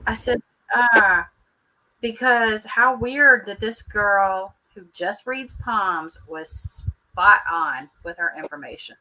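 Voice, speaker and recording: Bubbly, bright-voiced woman streamer. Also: a little high, a little slow, a little hiss or hum, rough recording. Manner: chatty, bubbly, laughs often, calls people honey. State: injured knee. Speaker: host of a live stream. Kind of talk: casual chat.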